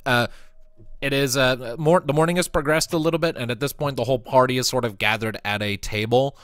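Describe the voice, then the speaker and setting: A man running a tabletop game, recapping events in a loose, casual way full of fillers. His voice is bright and forward, recorded dry with no room sound. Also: medium pitch, brisk, dry recording. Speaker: game master.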